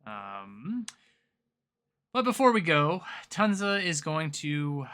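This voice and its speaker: A man's voice: on the high side, slow pace, smooth. A man hosting a gaming podcast with a Southern US accent, chatting casually and hesitantly with lots of fillers. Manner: relaxed, filler-heavy, hesitant. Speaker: podcast host. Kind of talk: casual chat.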